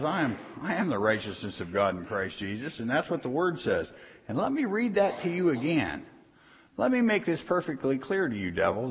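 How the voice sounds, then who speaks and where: Husky guy preaching loose and folksy, voice rising and falling a lot, long echoey hall, kinda dull lo-fi sound. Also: medium pitch. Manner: folksy, punchy, keeps asking the crowd "are you hearing me". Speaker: pastor. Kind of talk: informal sermon to a congregation.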